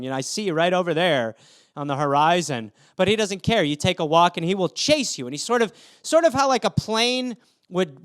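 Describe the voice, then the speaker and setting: A man's voice: high voice, fairly bright tone, smooth. A man in his thirties hosting a podcast, telling casual rambling stories with crude asides and acting out the people in them. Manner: acts out quoted people with shifting voices; swears freely, rambling asides. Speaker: podcast host. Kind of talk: casual storytelling monologue.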